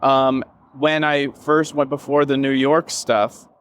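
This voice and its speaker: Speaking slowly in a medium, slightly bright voice with a level tone, this man is a business founder guesting on an interview, with a little hiss or hum in the background. His candid, emotional reflections wander, packed with fillers, self-quotes and the occasional curse.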